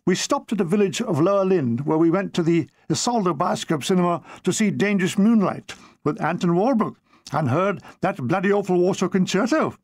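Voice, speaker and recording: A man reading his own comic war memoir in a dry, deadpan way. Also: high-pitched, a little fast, no room sound.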